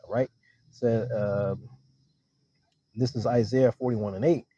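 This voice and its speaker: A man preaching in a casual, conversational way. He keeps checking in with his listeners and slows down to read scripture aloud. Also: medium pitch, steady tone, dark tone, a little hiss or hum. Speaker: street preacher teaching scripture. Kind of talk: casual sermon with scripture reading. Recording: dull lo-fi recording.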